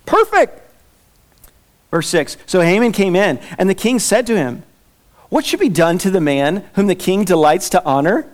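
A man's voice: high-pitched, big pitch swings, moderate pace. A man preaching a sermon, reading scripture aloud and acting out the characters' voices with laughter. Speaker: pastor.

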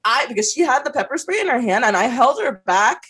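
A young adult woman, a podcast co-host, telling a story in casual chat. She is animated, laughs often between her words and swears freely. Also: a little high, a little fast, breathy edge.

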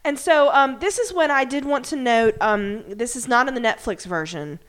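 A woman's voice: fairly high pitch, normal speed. A woman co-hosting a podcast, casually recapping a TV episode, acting out characters' lines and swearing freely. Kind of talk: casual chat.

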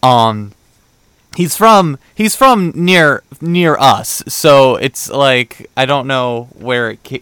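Young guy rambling through a story, smooth clear voice, dry close mic, does all the quotes. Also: a little high, a bit bright, no room sound. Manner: rambling storyteller, acts out quoted dialogue, many fillers. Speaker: podcast host. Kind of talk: casual chat.

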